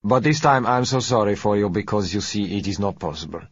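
Polite smooth oil dealer read by a man, unhurried, husky, low, storybook reading. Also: animated, no room sound, lo-fi sound. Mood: smooth, courteous. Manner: gentle, unhurried and courteous.

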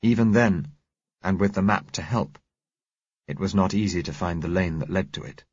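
A man reading a first-person story aloud in a measured, steady narration. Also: sits low, husky, no room sound, dull audio. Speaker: audiobook narrator.

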